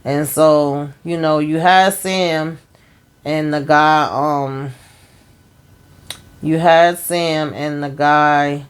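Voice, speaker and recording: Speaking extremely slowly and pausing often, a woman with a low, steady, clean-toned voice recaps a TV episode. As a recap host she's chatty and rambling, addressing viewers directly and filling gaps with "um" and "you know."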